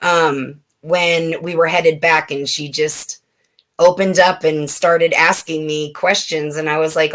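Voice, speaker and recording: A woman telling personal stories in a relaxed chat, with many fillers and restarts. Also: low-pitched, slow. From California, USA. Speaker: guest. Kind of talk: casual storytelling chat.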